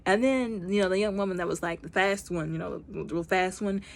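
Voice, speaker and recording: A woman's voice: medium pitch, a little fast, creaky. A woman giving a casual movie recap, chatty and informal, full of fillers and acted-out lines. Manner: chatty, many fillers, acts out characters' lines; informal speech with y'all. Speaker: movie reviewer.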